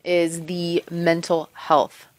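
A woman's voice: on the low side, little pitch movement, takes it slowly, a little hiss or hum. Emphatic woman co-hosting a chatty podcast. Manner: supportive, emphatic, conversational. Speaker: podcast co-host. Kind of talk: casual chat.

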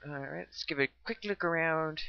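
A man's voice: a little high, brisk, vocal fry, clean tone, dry recording, lo-fi sound. A young man hosting a casual gameplay video, jokey and swearing, reading game text aloud. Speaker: let's play host.

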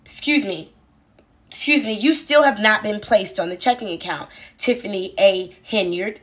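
A woman's voice: mid-range voice, moderate pace, fairly bright tone. Sarcastic woman commentator. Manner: mocking, teacherly, sarcastic. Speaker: online commentator.

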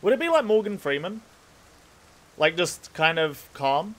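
A young man with a nasal, rather high voice, commentating a game stream in a loose, chatty way. He swears freely and drifts between tangents as he plays. Faint noise and clicks sit behind him. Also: animated, normal speed, a bit bright. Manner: chatty, swears freely, rambles while gaming. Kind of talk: casual let's play commentary with chat.

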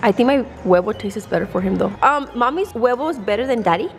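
A woman's voice: on the high side, lively intonation, fast talker. A woman vlog host chatting casually to her phone camera, laughing often and slipping Spanish words into her talk.

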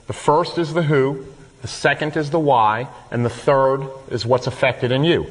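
A man's voice: mid-range voice, steady tone, normal speed. A man leading a workshop, talking a group through written steps in a plain-spoken way. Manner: plain-spoken, role-plays his own grudges. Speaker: workshop leader. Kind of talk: instructional talk to a group. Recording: long hall reverb.

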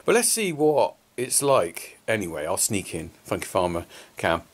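A man's voice: fairly low pitch, very animated, moderate pace, breathy edge. A man, a farmer, talking casually to his camera in a rambling way with lots of fillers as he walks around an exhibition hall. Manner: chatty and rambling, with many fillers. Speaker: farmer vlogger. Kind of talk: casual vlog narration. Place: indoor exhibition hall, walking through. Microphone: handheld camera filming as he walks. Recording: loud background noise.

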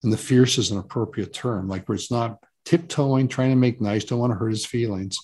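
A man's voice: on the low side, a little fast, a little mellow, slightly rough. A man speaking as a guest in an interview, earnest and emphatic, often repeating words for stress. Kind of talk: relaxed interview talk.

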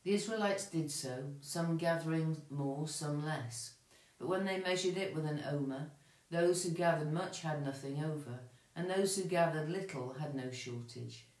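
A man leading morning prayer, reading psalms and scripture in a measured, steady way. His voice sits a little high for a man. The room rings with echo around him. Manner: measured, steady reciting with small self-corrections. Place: church. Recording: echoey room.

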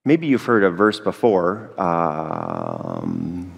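Lively male pastor in a reverberant hall. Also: sits low, takes it slowly, creaky, slightly rough. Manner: lively, joking, talks to the congregation directly. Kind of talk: sermon. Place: church sanctuary. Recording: long reverb of a church hall.

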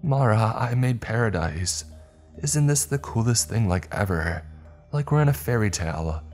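A man's voice: lowish voice, animated, moderate pace, darkish tone, soft background music, voice pushed up, close to an everyday voice. A man voicing a possessed teenage girl in a horror story, talking in an eerie sing-song. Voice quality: sing-songy. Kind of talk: scripted horror narration.

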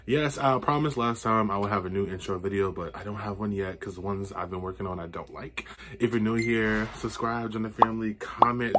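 A young man with a slightly low voice, talking straight to his viewers as a reaction host. He is chatty and opinionated, fires off exclamations, and swears freely as he comments. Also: background noise.

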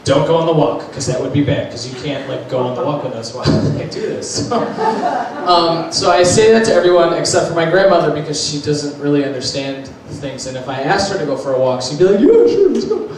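A young man, a youth leader, telling a casual story to a group, animated and laughing as he talks. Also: fairly high pitch, brisk, a crowd in the background. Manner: animated, laughing through his own story. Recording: echoey room, distant mic, background noise.

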